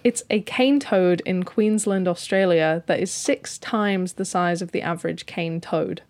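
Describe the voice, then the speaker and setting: A woman co-hosting a casual podcast, sharing news with a teasing, deadpan humor. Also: lowish voice, unhurried. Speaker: podcast co-host. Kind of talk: casual chat, reading news.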